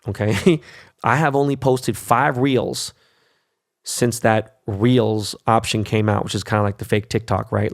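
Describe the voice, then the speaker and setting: Gravelly, profane man hosting a podcast. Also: on the low side, no room sound, studio quality. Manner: profane, boastful, loose storytelling with frequent fillers. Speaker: podcast host. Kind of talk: casual solo podcast monologue.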